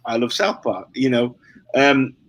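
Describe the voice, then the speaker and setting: A man chatting on a livestream, rattling off opinions with quick asides. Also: mid-range voice, fairly even intonation, rough recording. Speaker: livestream guest. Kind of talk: casual livestream chat.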